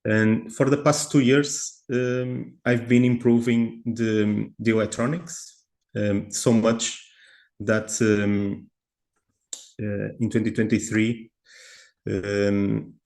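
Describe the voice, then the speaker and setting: A man's voice: lowish voice, level tone, takes it slowly, vocal fry, darkish tone. A man giving a presentation on a video call, hesitant and full of fillers and restarts. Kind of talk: online meeting presentation.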